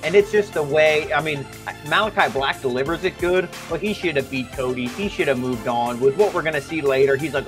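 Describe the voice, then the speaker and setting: A man's voice: a little high, brisk. Casual man reviewing wrestling, music faint. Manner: profane, mimics wrestlers' lines in quotes. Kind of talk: casual chat.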